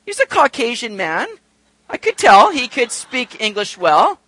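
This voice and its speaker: A man's voice: very high-pitched, wildly swooping pitch, unhurried, pushed and bright, husky, no room sound. A male pastor preaching a sermon in a conversational way, telling a personal story and asking rhetorical questions.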